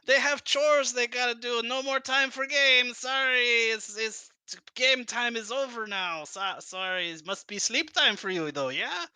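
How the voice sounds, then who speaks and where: A man voicing a jittery male kobold sorcerer in a tabletop game, shouting and fussing with false apologies. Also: extremely high pitch, unhurried, clear, resonant tone, no room sound, voice pushed up, heavily acted. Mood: fake cheerful. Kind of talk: tabletop role-play voice acting.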